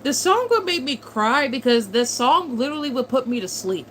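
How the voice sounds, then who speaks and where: A young woman in her twenties, with a slightly high voice, chats loosely with her livestream audience. She swears freely and drifts into fond memories. A faint background hiss sits under her voice. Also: big pitch swings, moderate pace, a bit bright, low-quality recording. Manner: chatty, swears freely, nostalgic. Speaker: streamer reading chat. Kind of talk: casual livestream chat.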